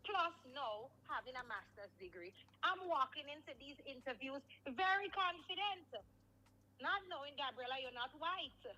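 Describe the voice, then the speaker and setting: Emphatic high-voiced woman. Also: animated, normal speed, bright, forceful tone, rough recording. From Grenada. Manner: emphatic, preaching to listeners. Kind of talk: radio call-in talk.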